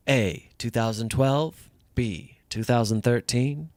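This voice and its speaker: A man's voice: medium pitch, slow, a little mellow, dry recording. A man co-hosting a live stream, chatting casually and playfully. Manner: playful, game-show voice put-ons. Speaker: livestream co-host. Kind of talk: casual chat.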